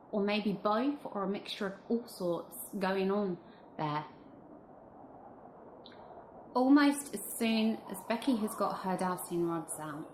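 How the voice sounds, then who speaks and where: A woman's voice: medium pitch, a little hiss or hum. A woman narrating a recap of a paranormal investigation in an earnest, suspense-building manner. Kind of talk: vlog voice-over recap. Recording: echoey room with music behind.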